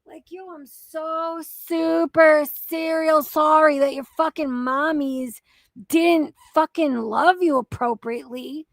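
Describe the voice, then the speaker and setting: A young woman with a high voice rants through reaction commentary, swearing freely, exasperated and mocking. She takes her time, leaning on her words slowly. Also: fairly even intonation, no echo. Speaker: commentary channel host.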